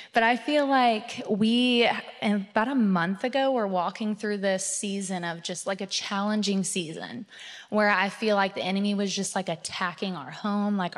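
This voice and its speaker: A young woman giving a personal testimony at church, talking in a chatty way full of fillers and excited retellings. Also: mid-range voice. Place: church sanctuary. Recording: reverberant church hall.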